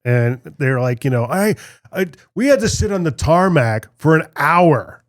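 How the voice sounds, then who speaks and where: A man's voice: on the high side, sing-song, a little slow, no room sound, studio quality. A man co-hosting a beer podcast, telling stories animatedly and laughing often. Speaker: podcast co-host. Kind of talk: casual chat.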